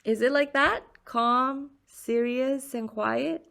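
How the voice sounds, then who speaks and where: A woman reading a children's picture book aloud in a slow, expressive storyteller's voice. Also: high-pitched, creaky.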